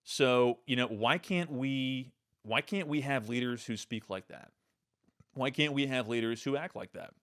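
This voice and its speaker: A man's voice: medium pitch, a little slow, a bit bright. A man hosting his own show, talking through political commentary in an emphatic, loose way, often restarting and repeating words. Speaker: podcast host.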